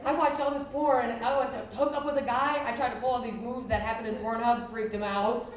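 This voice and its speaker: Woman comic, thirties, brash and crude, slightly high voice, live set with clear room noise. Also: fairly even intonation, a little fast. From Buffalo, New York. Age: 30s. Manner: brash, crude, self-mocking punchlines. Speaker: stand-up comedian. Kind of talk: stand-up comedy set. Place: former library used as a venue, live audience. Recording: echoey distant room mic with noise. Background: audience laughter.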